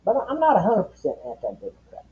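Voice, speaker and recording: A man's voice: high voice, huge pitch swings, fast. A man hosting a casual late-night chat stream, rambling, profane and opinionated. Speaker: livestream host. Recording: dull lo-fi stream audio.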